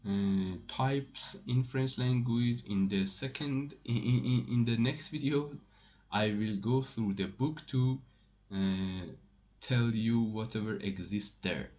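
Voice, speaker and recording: Halting male French teacher, dull mic. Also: mid-range voice, a little mellow. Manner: halting, many fillers and self-corrections, repeats example phrases slowly. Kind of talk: screen-recorded language lesson.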